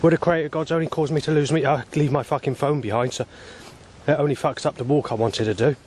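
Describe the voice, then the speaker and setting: A man's voice: a little high, steady tone, fast, darkish tone, a little hiss or hum. A man vlogging on a walk outdoors by a road, talking in a rambling, agitated and profane monologue.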